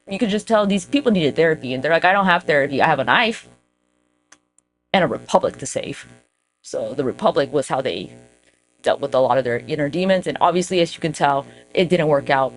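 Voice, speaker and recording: A woman telling history as casual comedy, irreverent and profane, slipping into quick voices for the people she quotes. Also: low-pitched, a little hiss or hum. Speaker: history storyteller.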